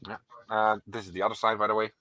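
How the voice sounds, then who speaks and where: A father calmly explaining his daughter's building project in casual chat. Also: lowish voice, quick pace, slight background noise. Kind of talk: casual chat on a modelling stream.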